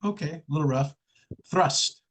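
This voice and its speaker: Slow, patient male English tutor. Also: mid-range voice, poor audio. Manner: patient, slow, drills sounds with repetition. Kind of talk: online one-on-one lesson.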